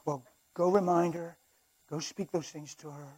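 A man voicing a commanding, scheming male devil who orders his minion around in a low voice. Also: fairly even intonation, moderate pace, warm tone, husky, low-quality recording. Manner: low, scheming, then scolding.

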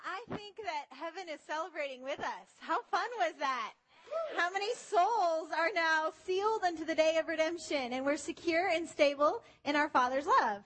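A woman delivers a sermon with a very high, bright voice. She is animated and slips into little voices for the people she quotes. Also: normal speed. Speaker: preacher.

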